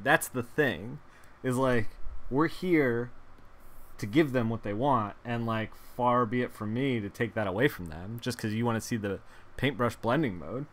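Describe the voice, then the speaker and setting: A man's voice: mid-range voice, measured pace. A man chatting casually while painting on a live stream, rambling with lots of fillers and laughing at his own jokes. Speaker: digital artist streaming a painting session.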